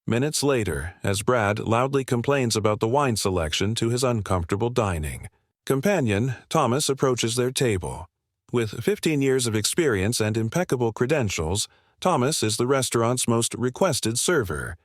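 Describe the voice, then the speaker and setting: A man narrating a scripted story in an even, measured way. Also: medium pitch, no echo, clean studio sound.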